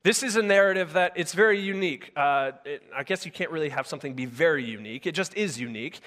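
Man, pastor, sermon, a bit high-pitched, casual with fillers and restarts, reverberant church sanctuary. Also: animated, quick pace, a bit bright. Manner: conversational with frequent filler words and self-corrections. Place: church sanctuary with a live congregation. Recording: long hall reverb.

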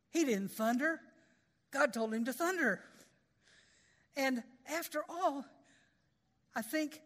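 A woman's voice: high-pitched, slow, pauses often, long reverb tail. A woman preaching a sermon in a folksy, conversational way, with storytelling asides.

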